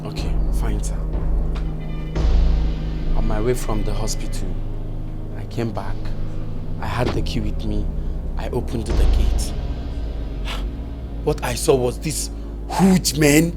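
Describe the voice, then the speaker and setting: Shaken employee, Nigerian English accent, slow deferential speech, clear music behind. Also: male voice, medium pitch, lively intonation. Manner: shaken, deferential, says sir often. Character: frightened male employee giving testimony. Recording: film soundtrack with music.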